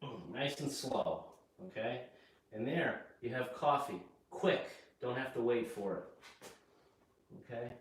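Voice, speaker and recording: A man teaching English at home, speaking slowly and plainly and checking in with "okay?" after nearly every phrase. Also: mid-range voice, expressive, a little hiss or hum. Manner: slow and repetitive, checks in with "okay?". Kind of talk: slow spoken English lesson. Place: home kitchen. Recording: echoey room, mic far off.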